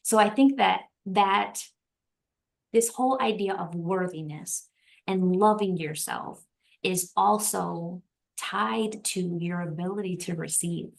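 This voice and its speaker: A woman's voice: mid-range voice, takes it slowly, creaky. A woman guest on a podcast, talking in an earnest, reflective way and repeating phrases for emphasis. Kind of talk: heartfelt podcast conversation.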